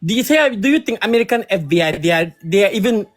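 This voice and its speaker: A man's voice: high-pitched, expressive. A man from Gambia arguing defiantly on a live stream. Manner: defiant, rapid. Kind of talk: heated live stream argument.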